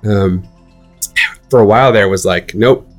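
A young man in casual conversation, telling animated stories with many fillers and restarts. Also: mid-range voice, normal speed, soft background music. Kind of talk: casual chat.

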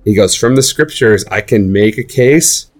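A young man in casual conversation, telling animated stories with many fillers and restarts. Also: fairly low pitch, normal speed, soft background music. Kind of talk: casual chat.

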